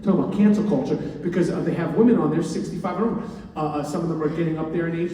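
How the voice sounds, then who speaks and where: Rambling comedian in an echoey hall. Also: male voice, a little high, dark tone. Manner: rambling, many fillers and restarts. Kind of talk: stand-up comedy. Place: large hall with an audience. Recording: echoey hall, mic from far off.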